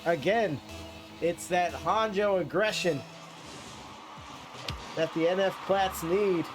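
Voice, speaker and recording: A man casting an esports match in excitable play-by-play style, sounding congested and nasal from a cold. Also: high-pitched, slow, over music. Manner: excitable play-by-play with frequent restarts. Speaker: esports caster.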